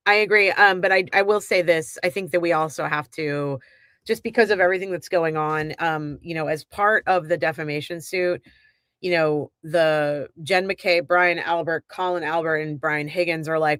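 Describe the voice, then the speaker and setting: A woman co-hosting a podcast, with a bright, forward voice and a deliberate way of laying out her views. She frames her points carefully and agrees readily with her co-host. The sound is close and dry. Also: sits low, fairly even intonation, clean tone, no echo. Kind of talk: casual opinion talk.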